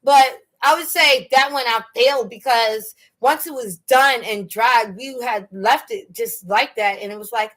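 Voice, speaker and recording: A woman's voice: fairly high pitch, unhurried, few pauses, fairly bright tone. A woman hosting a casual storytelling livestream, chatty and slangy, often laughing as she answers viewers' questions. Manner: laughs often while telling stories. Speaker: livestream host.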